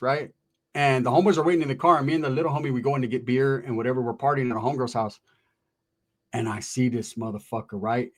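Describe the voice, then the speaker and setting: A man casually telling a street story in slangy talk, acting out what others said. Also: on the high side. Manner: animated, slangy, acts out quotes of others.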